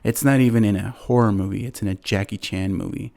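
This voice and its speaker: Low-voiced man rambling through a story. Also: brisk, gravelly, darkish tone. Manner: rambling, filler-heavy, laughs often. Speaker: podcast host. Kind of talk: casual chat, retelling a movie plot.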